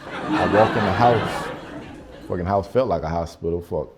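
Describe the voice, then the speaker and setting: A man's voice: deep voice, moderate pace, over a noisy crowd, heavy background noise. A man doing stand-up storytelling in loose, profane, conversational slang. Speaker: stand-up comedian. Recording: live show with audience laughter.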